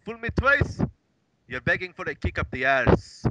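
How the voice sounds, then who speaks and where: A man's voice: high-pitched, very animated, moderate pace, bright, forceful tone, no echo, full character voice, rough recording. A man putting on a to voice a boastful male wrestler telling tall tales.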